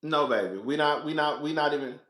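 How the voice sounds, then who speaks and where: A man giving casual, animated commentary on a reality show, talking straight to his viewers and calling them girl and baby. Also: a little high, fairly quick, reverberant.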